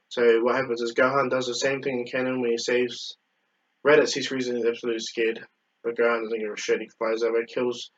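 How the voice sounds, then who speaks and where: A man's voice: medium pitch, highs cut off. A man casually retelling a fan story, rambling with many fillers and self-corrections.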